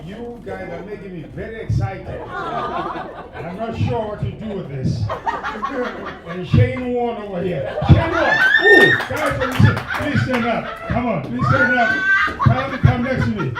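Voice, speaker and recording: Male stand-up comic working the crowd with shouted bursts, voice a little off-mic in a live room. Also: high voice, wildly swooping pitch, unhurried, very noisy. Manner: loud crowd work, sudden shouted bursts. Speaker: stand-up comedian. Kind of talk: stand-up comedy set. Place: comedy club stage. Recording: roomy live venue, mic at distance, audience. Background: laughing audience.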